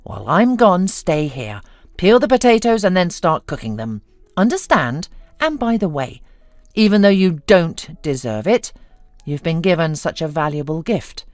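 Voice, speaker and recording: A woman's voice: on the low side, sing-song, normal speed, a little mellow, no echo, soft background music. A stern, protective older brother, played by a woman narrator, firm and scolding. The voice is hers, close and dry, with only a slight lift.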